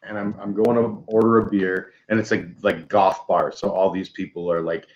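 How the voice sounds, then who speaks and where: With a deep voice that barely moves in pitch, this host speaks at normal speed in audio missing its high frequencies. He's a middle-aged Canadian with a Canadian accent, and in his casual chat he spins rambling, swear-filled stories, voicing the characters himself.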